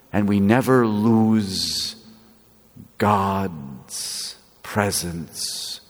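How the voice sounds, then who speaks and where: A man preaching a sermon, slow and lively, with playful asides. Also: on the low side. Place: church. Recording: echoey church with long reverb.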